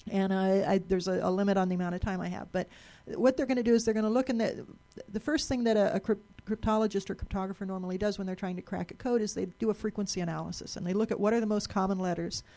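A woman's voice: mid-range voice, quick pace, hardly any pauses, warm tone. A woman giving a live presentation to an audience in a lecture room, chatty and explanatory, often restarting and repeating words.

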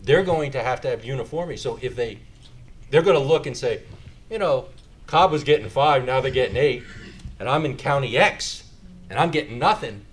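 A man's voice: mid-range voice, animated, moderate pace. A man giving a lecture and taking audience questions, making joking asides as he explains. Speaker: lecturer on sales tax.

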